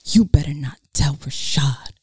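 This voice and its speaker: A podcast host acting out a rich teen girl who fakes a tough image, speaking in urgent, hushed whispers. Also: mid-range voice, lively intonation, moderate pace, breathy edge, dry recording. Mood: hissing threats.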